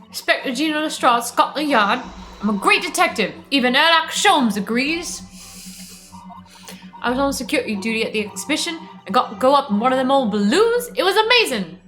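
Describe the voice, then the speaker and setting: A woman's voice: high-pitched, very animated, brisk, a bit bright, soft background music. Woman doing a cocky young police inspector. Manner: boastful, slangy.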